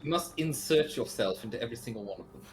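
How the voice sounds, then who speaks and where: A man's voice: mid-range voice, expressive, quick pace, crowd noise. A man co-hosting a let's play, chatting casually with a teasing, joking manner. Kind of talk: casual gameplay chat.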